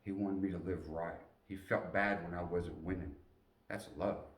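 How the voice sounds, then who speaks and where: A man telling a personal story in an animated way, acting out the voices of the people in it. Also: deep voice, normal speed. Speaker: motivational storyteller. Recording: roomy echo, distant mic.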